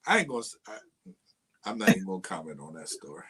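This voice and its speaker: Teasing man with a lively voice. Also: sits low, quick pace, crowd noise. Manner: dry, teasing, blunt comebacks. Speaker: podcast co-host. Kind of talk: casual chat.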